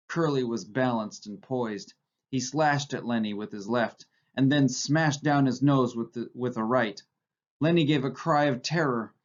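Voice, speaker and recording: A man's voice: medium pitch, muffled recording. A male teacher reading a novel aloud in a plain manner, often stopping to correct himself.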